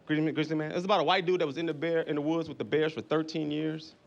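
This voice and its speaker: A man performing loud, profane stand-up comedy on a club stage, often shouting. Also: fairly high pitch, steady tone, fast, creaky, muffled recording.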